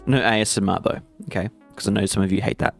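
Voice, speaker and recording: A man's voice: lowish voice, fairly even intonation, fast, vocal fry. A man with an Australian accent, a game developer chatting casually and jokingly with viewers on a live stream. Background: faint music playing.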